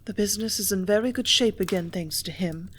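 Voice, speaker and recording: A woman voicing a quiet young woman who speaks softly and breathily, near tears, in an audiobook reading. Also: medium pitch, moderate pace, a little hiss or hum, natural voice. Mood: anxious.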